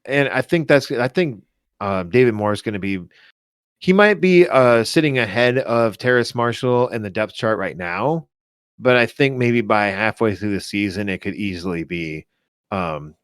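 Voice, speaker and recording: A man with a lowish voice chats casually about football, circling back on his thoughts and restarting sentences often. The sound is dry and close, with no room around him. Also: lively intonation, moderate pace, smooth, no echo. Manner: rambling, lots of restarts and self-corrections. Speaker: podcast co-host. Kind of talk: casual fantasy football chat.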